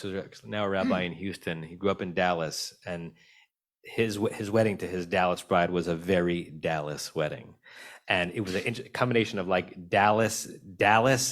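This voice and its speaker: A man teaching a text-study class as rabbi, talking conversationally and telling stories with an animated, laughing delivery over a video call. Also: low-pitched. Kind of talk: lively text study discussion.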